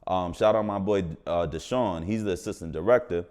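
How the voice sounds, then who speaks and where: A man's voice: deep voice, fairly quick, smooth. A slangy New man telling stories. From New York. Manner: slangy, animated, acts out quoted voices. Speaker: podcast guest, actor. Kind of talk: casual storytelling.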